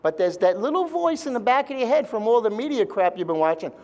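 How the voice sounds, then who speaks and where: A man's voice: high voice, sing-song, fast, darkish tone. A man speaking live to a seminar audience, blunt and joking, with mild swearing.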